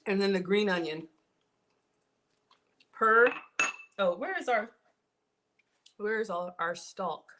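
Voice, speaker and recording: A woman hosting a casual live cooking stream from her kitchen, chatty and excitable, talking straight to her viewers as she cooks. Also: medium pitch, slow pace, pauses often, a little hiss or hum. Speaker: cooking livestream host. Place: home kitchen.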